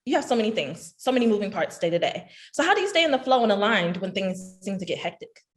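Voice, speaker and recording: A woman's voice: mid-range voice, big pitch swings, fast talker. A woman hosting a casual interview over a video call, asking questions in a friendly, chatty way.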